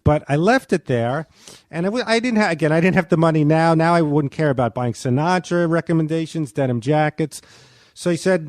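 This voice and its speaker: A man's voice: a little high, normal speed, no echo, studio quality. A middle-aged man, a comedian guest, telling a rambling, hesitant story on a podcast with many restarts. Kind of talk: podcast conversation.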